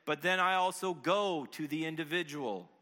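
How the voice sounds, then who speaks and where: A man's voice: a little high, moderate pace, sharp tone. A man preaching a sermon to his church, earnest and conversational, often checking in with his listeners. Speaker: pastor. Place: church service.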